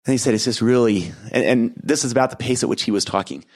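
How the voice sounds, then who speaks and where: A middle-aged man hosting a podcast, telling a reflective story in an earnest, gentle way with soft laughs. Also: medium pitch, rapid-fire. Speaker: podcast host and keynote speaker.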